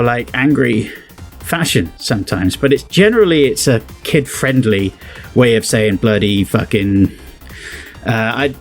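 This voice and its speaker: A British man talks through slang in loose, rambling commentary, laughing as he goes. His voice sits at an ordinary mid pitch. Faint music plays underneath. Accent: British English. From England. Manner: chatty, rambling, laughs often, puts on quoted phrases. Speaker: game developer and video host. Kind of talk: casual reaction commentary.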